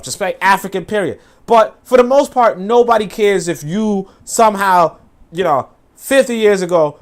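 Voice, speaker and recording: A man hosts a loose livestream, reacting to a video and his chat. His voice sits a bit high for a man. He talks in animated, profane bursts full of fillers and laughing asides. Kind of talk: casual livestream commentary.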